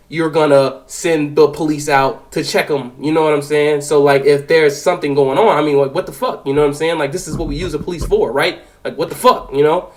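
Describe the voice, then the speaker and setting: Animated young man telling a story. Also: a little high, low-quality recording. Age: 20s. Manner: animated, profane, filler-heavy retelling. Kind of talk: casual spoken storytelling.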